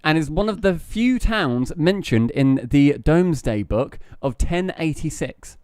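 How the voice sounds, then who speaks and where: A man hosting a podcast, relaxed and chuckling as he runs a quiz segment with a guest. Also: fairly high pitch, a little slow, smooth, no room sound, studio quality. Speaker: podcast host.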